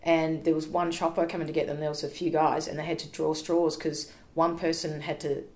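An Australian woman telling stories in a casual chat, animated and laughing, acting out what people said. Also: low-pitched, a little fast, roomy sound. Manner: animated, laughing storyteller who acts out quotes. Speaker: podcast guest.

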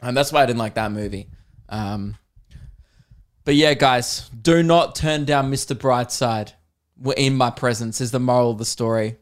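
A man's voice: mid-range voice, normal speed. Young aussie guy doing a comedy podcast rant, swears, laughs, acts out voices. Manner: animated storytelling, swearing, frequent laughs and put-on voices. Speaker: podcast host.

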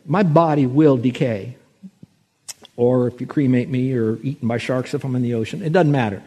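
A man preaching a sermon as a pastor, telling stories and slowing down with rising force when he quotes scripture. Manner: storytelling, slows and rises in pitch and loudness for scripture.

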